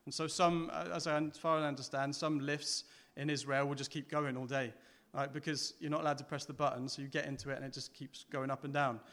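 A man's voice: mid-range voice, little pitch movement, fast talker, a bit bright. A man preaching a sermon in a conversational way, often putting rhetorical questions to the congregation.

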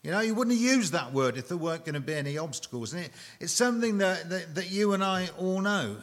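A man preaching a sermon to a congregation, emphatic and dramatic, with long pauses and repeated phrases. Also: high voice, lively intonation, a bit bright.

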